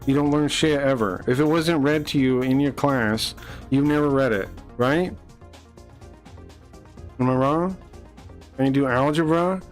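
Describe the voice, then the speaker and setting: A man's voice: on the high side, measured pace, soft background music. A man streaming, ranting at his chat in a blunt, profane, mocking way and repeating himself when heated. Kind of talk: livestream chat rant.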